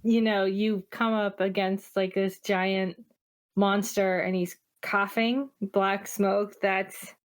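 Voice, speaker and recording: A woman playing a tabletop game, thinking aloud in a casual, slow, easygoing way. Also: mid-range voice, flat delivery. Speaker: player. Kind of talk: casual tabletop play chat.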